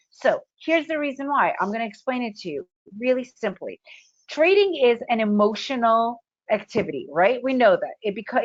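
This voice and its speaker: Woman trading coach, punchy, keeps asking right?, slightly high voice, muffled lo-fi sound. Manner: emphatic, rhetorical questions, frequent "right?". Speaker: trading educator. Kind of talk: webinar presentation.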